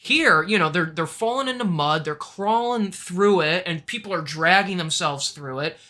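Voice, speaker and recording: Bright-voiced male podcast host, chatty recapper who acts out quotes. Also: high-pitched, normal speed. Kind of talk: casual chat.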